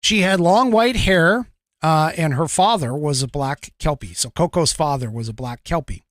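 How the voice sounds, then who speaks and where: A man's voice: on the high side, moderate pace, dry recording, clean studio sound. A man hosting a podcast, talking in a casual, rambling way with lots of fillers, restarts and frequent chuckles. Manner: chuckles often. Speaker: podcast host.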